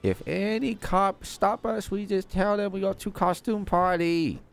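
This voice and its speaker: A man's voice: high voice, fairly even intonation, a little slow, vocal fry, clear, resonant tone, faint music behind. A man voicing a bumbling male gangster in a video game role-play who speaks clipped, broken English.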